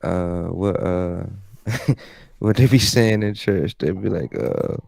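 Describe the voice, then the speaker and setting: A man's voice: low voice, expressive, slow pace, vocal fry, darkish tone, dry recording. A man co-hosting a podcast in slangy, laid-back casual chat, a little under the weather. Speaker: podcast co-host. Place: home video call setup.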